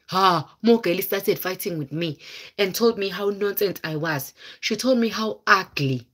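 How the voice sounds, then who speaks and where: Here a woman vlogger recounts a tale to viewers watching live, her medium-pitched voice animated and fairly bright at a measured pace. It's a casual storytelling chat, delivered with drama, exclamations and local words.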